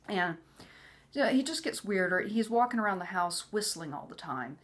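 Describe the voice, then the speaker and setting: A woman with a fairly low, slightly bright voice talks a little fast with lively intonation. She's a vlogger casually telling a personal story, dropping "you know" often and sometimes acting out what other people said.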